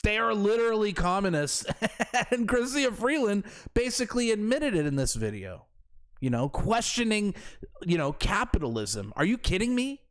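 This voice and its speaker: A man's voice: high voice, very animated, moderate pace, a bit bright. A man hosting political commentary in a sarcastic, incredulous manner. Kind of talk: opinionated commentary.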